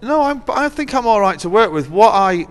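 A man's voice: high voice, very animated, normal speed. Wry, sweary middle-aged man in a reverberant room. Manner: wry, laughing, sweary storytelling. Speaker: interview guest, musician. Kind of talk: casual chat. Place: venue dressing room. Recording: long hall reverb.

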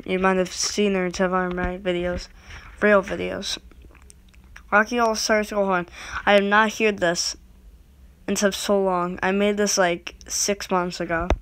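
Woman vlogger, slow, rambling, self-interrupting, faint noise behind. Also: medium pitch, a bit bright. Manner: rambling, self-interrupting, talks to viewers directly. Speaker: video creator rating goal horns. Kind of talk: casual rambling vlog talk.

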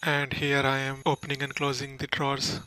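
A man's voice: mid-range voice, completely flat delivery, moderate pace, pushed and bright, slight background noise, poor audio. A man casually commenting on a game walkthrough, explaining each step plainly. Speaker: gaming channel host.

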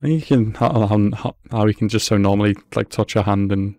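A man's voice: on the low side, a little fast, mellow, dry recording. Laughing man reacting to anime. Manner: laughs often, amused running commentary. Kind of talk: casual reaction commentary.

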